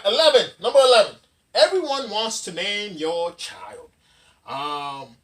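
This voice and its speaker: A man's voice: high voice, a bit bright. A man in his thirties hosting a casual dad-advice vlog, rambling through a countdown list with plenty of fillers and restarts. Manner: rambling, chatty, with frequent fillers and loose restarts. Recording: voice somewhat distant from the mic.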